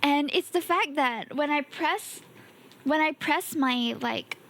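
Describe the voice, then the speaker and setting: High-voiced, chatty Singaporean woman streamer. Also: slow, fairly bright tone. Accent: Singaporean English. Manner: chatty, exclaims often, laughs easily. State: a bit tired. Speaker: VTuber streamer. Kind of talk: casual live stream chat.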